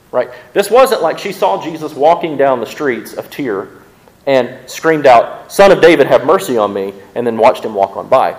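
A man preaching a sermon from the pulpit of a church, his pitch rising and falling with lively, animated inflection. He talks to the congregation in a conversational way, often stumbling into quick word repeats before landing his point. His voice sits in a middle register for a man. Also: low-quality recording. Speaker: pastor.

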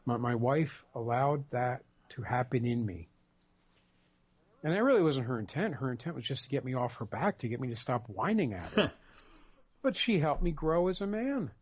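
A man's voice: mid-range voice, animated, moderate pace, slightly rough, lo-fi sound. A man co-hosting a casual podcast, speaking in an emphatic, rambling way with many repeated words. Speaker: podcast co-host.

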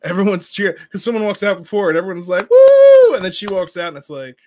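Sarcastic, animated man in casual chat. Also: high voice, quick pace, background noise. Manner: animated, sarcastic, mocking impressions. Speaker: co-host.

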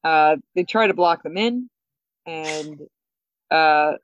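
A woman co-hosting a podcast, recapping a TV episode in casual chat, animated and laughing often. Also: low voice, slow pace, dry recording. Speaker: podcast co-host. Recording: dull, dry sound.

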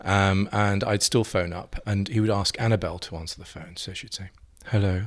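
An English painter telling playful, theatrical anecdotes in a relaxed interview chat, often breaking into giggles. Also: male voice, low voice, fairly quick. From England. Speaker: guest, painter.

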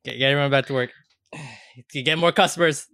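A man's voice: medium pitch, moderate pace, pushed and bright, no echo, clean studio sound. A man hosting a casual roundtable podcast. He stammers, repeats words and swears often. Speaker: podcast host.

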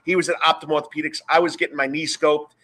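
A man with a New York accent hosting a live sports radio show, talking loud and upbeat, rambling with plenty of fillers. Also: a little high, level tone, fast talker.

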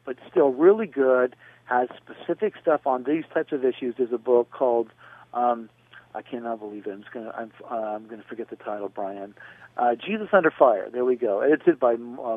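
A man answering a radio caller in a rambling, discursive way, pausing on fillers and spelling out names, heard over a phone line. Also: mid-range voice. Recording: tinny phone line, dry.

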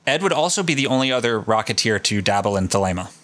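Profane, excited male podcast storyteller. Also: on the low side, quick pace, dry recording. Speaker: podcast host. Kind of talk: casual storytelling chat.

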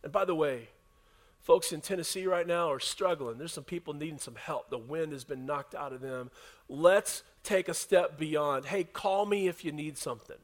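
A man preaching a sermon to his congregation in a conversational way, often dropping to a soft hush for emphasis. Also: fairly high pitch, normal speed. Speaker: pastor. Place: church service with a congregation.

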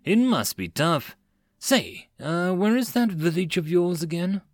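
A man's voice: high voice, very animated, measured pace, dry recording, studio quality, pitched above the performer's own voice. A man voicing a sly, curious male commander who asks probing questions.

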